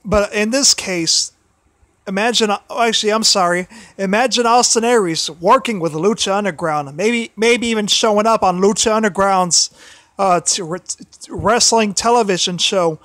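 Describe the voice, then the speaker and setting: High-voiced man with a tired, sore throat. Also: fairly bright tone, no room sound. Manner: halting, many restarts and repeated phrases. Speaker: wrestling livestream host. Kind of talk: casual solo livestream commentary.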